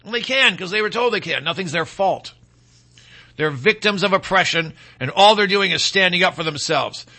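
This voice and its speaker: A man's voice: sits high, expressive, normal speed, sharp tone. A man hosting a podcast with opinionated political commentary, talking in a rambling, sarcastic way full of asides and restarts. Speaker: podcast host.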